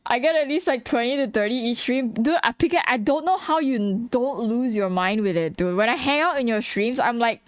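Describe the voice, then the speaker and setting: A woman's voice: on the high side, expressive, a little fast, few pauses, no room sound. A young woman streaming while she draws, chatting bluntly and casually with her viewers and laughing often. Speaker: streamer and artist. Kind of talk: casual livestream chat while drawing.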